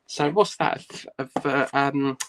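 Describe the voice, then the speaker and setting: A man's voice: medium pitch, slow pace, a bit bright, a little hiss or hum. A man hosting a casual unboxing vlog, chatting and thinking aloud with lots of "right" and "um". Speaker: host.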